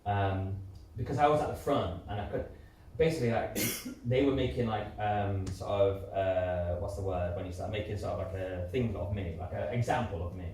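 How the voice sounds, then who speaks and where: A man in his thirties talks candidly as a guest at a live interview, his speech full of fillers and restarts. His voice sits a little low, and it comes from a distant mic in a very echoey hall with a faint noise underneath. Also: moderate pace, darkish tone. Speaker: interview guest, musical theatre performer. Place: community centre hall before an audience.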